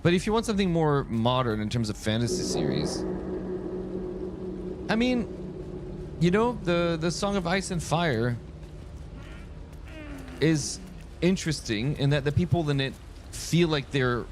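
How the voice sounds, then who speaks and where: A man's voice: a little high, sing-song, unhurried, pauses often, a little hiss or hum. A man from France streaming a game, chatting casually in a rambling storytelling way that keeps breaking off and restarting. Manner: rambling, self-interrupting storyteller. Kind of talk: casual chat while playing.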